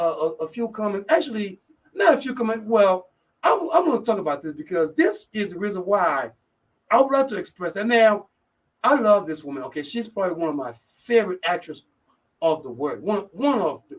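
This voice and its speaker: A man with a high voice hosts a live radio talk show, upbeat and energetic as he talks to his listeners. He keeps coming back to the same catchphrase. He sounds like he is sitting back from the microphone. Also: fairly quick, distant mic, poor audio. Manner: energetic, keeps repeating "yes, indeed".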